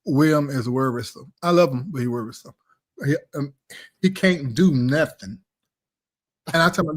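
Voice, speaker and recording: A man's voice: medium pitch, moderate pace. A man hosting a casual live-stream chat, talking in a blunt, emphatic, preachy way. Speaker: live show host.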